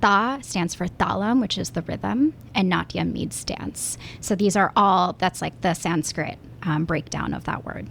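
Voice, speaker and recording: A woman's voice: lowish voice, a little slow, creaky, hardly any pauses, fairly bright tone, a little hiss or hum. A woman from Pennsylvania, a musical theater actress, talking casually as an interview guest, thoughtful and full of restarts. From Pennsylvania, USA. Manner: thoughtful, with many fillers and restarts.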